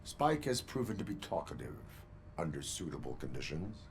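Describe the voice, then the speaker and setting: An actor playing a stoic male cyborg police officer who speaks in a flat, measured, formal way. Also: very deep voice, slight background noise, full character voice.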